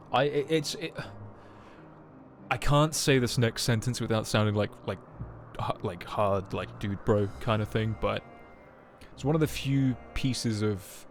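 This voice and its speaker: A young adult man streaming a game, chatting casually in a rambling, self-mocking way full of joking asides. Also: on the low side. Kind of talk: casual live-stream chat. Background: faint game music.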